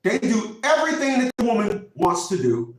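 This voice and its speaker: A man's voice: high voice, wildly swooping pitch, moderate pace. A middle-aged man giving relationship advice in a casual, preachy monologue that repeats itself for emphasis. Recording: very echoey room, from far off.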